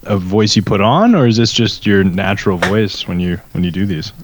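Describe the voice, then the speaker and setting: A man hosting a podcast interview, asking halting, hesitant questions. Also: lowish voice, background noise. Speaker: podcast host. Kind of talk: casual interview.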